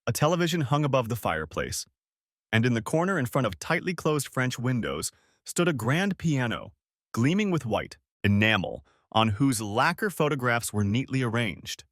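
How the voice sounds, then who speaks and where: A man reading a story aloud as an audiobook narrator, measured and expressive. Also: medium pitch, dry recording, clean studio sound. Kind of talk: scripted narration.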